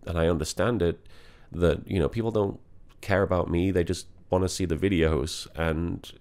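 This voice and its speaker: A man talking candidly and reflectively in a confessional vlog, in a halting way. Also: sits low, fairly even intonation, a little mellow. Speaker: vlogger.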